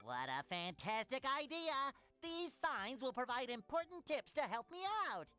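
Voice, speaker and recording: An actor playing a cheerful cartoon sea sponge hero in a game, bubbly and eager. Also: male voice, extremely high pitch, very animated, moderate pace, bright, forceful tone, clear, resonant tone, full character voice. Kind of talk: cartoon game tutorial voice acting. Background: game music.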